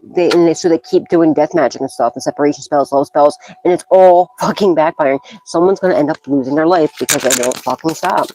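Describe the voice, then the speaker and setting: A woman's voice: deep voice, mellow, a little hiss or hum, low-quality recording. A woman giving a psychic tarot reading in a casual monologue, blunt and profane, scolding and often bursting into laughter.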